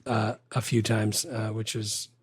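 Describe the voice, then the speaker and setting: A man co-hosting a casual movie podcast, rambling and getting animated when he quotes lines. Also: fairly low pitch, unhurried, slightly rough, no room sound, clean studio sound. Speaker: podcast co-host.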